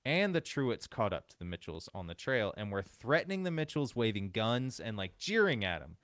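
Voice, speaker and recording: A man's voice: fairly low pitch, big pitch swings, normal speed, fairly bright tone, dry recording. A man co-hosting a podcast, reading an old newspaper account aloud and then chatting about it loosely. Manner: reads old newspaper text, then chats loosely with laughs. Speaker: podcast co-host.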